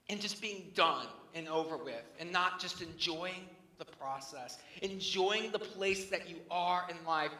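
A man's voice: high-pitched, measured pace, hardly any pauses, pushed and bright. A man in his thirties preaching a sermon with earnest energy, rising to emphatic peaks and falling to near whispers. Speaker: pastor. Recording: echoey hall with long reverb.

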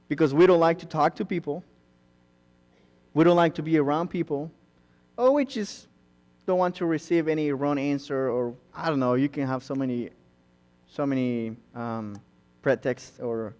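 A man's voice: medium pitch, darkish tone. A young man preaching a sermon, earnest and rising to emphatic bursts, acting out quoted asides. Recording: long hall reverb.

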